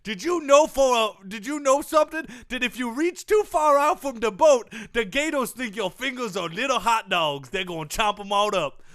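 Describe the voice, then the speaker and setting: A man's voice: extremely high pitch, lively intonation, normal speed, a bit bright. A man in a comedy sketch impersonating a football quarterback who talks in a put-on Cajun drawl as a swamp tour guide, rambling and folksy. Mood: hammy.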